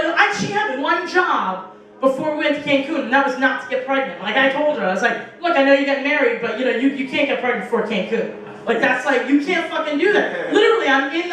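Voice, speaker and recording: In an echoey small bar, caught by a far-off mic, a young woman does stand-up for a live audience. Her high-pitched, slightly bright voice carries profane stories with acted-out quotes.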